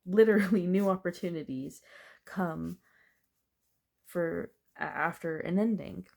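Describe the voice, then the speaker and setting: A woman's voice: fairly low pitch, measured pace, gravelly, darkish tone. A woman doing a casual, chatty tarot reading, thinking aloud as she turns the cards and laughing now and then. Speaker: tarot reader.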